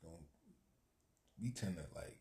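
A man hosting a podcast in casual chat, laid-back, swearing freely and breaking into loud laughs. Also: measured pace. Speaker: podcast host.

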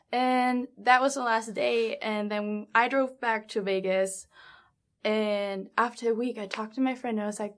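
A young adult woman recounting a personal story in a casual interview, animated, with lots of fillers and quoted dialogue. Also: fairly high pitch, normal speed. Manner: animated, laughs often, many fillers like 'um' and 'like'; acts out quoted dialogue in her own voice. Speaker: guest telling her story.

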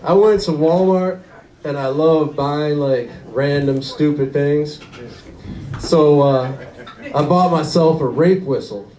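A man's voice: fairly high pitch, takes it slowly, mellow, reverberant, distant mic, low-quality recording. A young man doing a rambling stand-up comedy set, often laughing at his own jokes.

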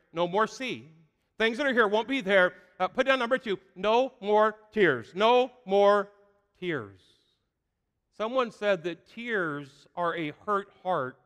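A man's voice: high-pitched, fairly bright tone, clear, resonant tone. A middle-aged man preaching a sermon as pastor, with emphatic repeated phrases and frequent "uh" fillers. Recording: long hall reverb.

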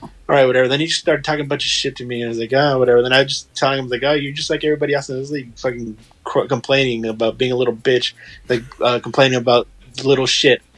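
A man's voice: medium pitch, fairly even intonation, fast, a bit bright. A man in casual chat, telling a rambling, profane story and quoting what others said.

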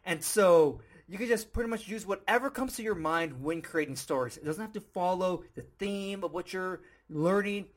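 A man hosting a podcast, teaching in a casual, playful way and telling an animated story with frequent chuckles. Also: sits high, normal speed, few pauses. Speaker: podcast host.

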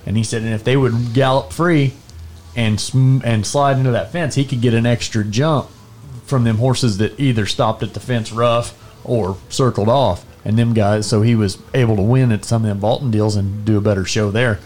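A man interviewing, speaking in a relaxed, plain-spoken way in casual conversation. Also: medium pitch, moderate pace, a little hiss or hum.

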